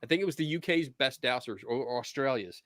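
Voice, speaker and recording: Man, middle-aged, Philadelphia accent, podcast host, relaxed, lots of ums, mid-pitched, dry sound. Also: fast, no echo. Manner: easygoing, laughs often, many ums. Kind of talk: casual chat.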